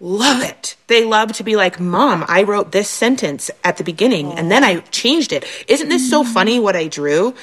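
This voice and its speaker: A woman on a talk show, a mother sharing stories about her children in a chatty, animated way. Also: medium pitch, normal speed, few pauses, slightly rough, poor audio. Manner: animated, acts out her kids' voices. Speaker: guest mother. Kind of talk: casual chat.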